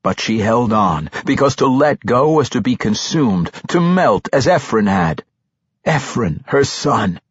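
A man reading a fantasy novel aloud as an audiobook narrator, with dramatic, expressive storytelling. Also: medium pitch, measured pace, husky, no echo. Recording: slightly muffled audio.

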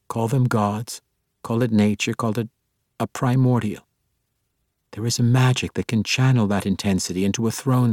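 A man voicing a proud elf priestess woman in an audiobook, speaking in a measured, solemn and formal way. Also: on the low side, a little mellow, no room sound, studio quality, pitched above the performer's own voice, natural voice.

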